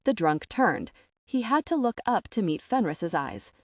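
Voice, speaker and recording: A woman reading an audiobook as its narrator, expressive and voicing each character. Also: mid-range voice, a little slow, no echo, studio quality. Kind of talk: scripted narration.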